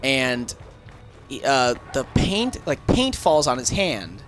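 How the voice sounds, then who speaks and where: Over music, a man with a mid-range voice and big pitch swings slowly retells a movie on a game stream. He rambles and curses with plenty of fillers in this casual chat, and the audio is crackly with background noise.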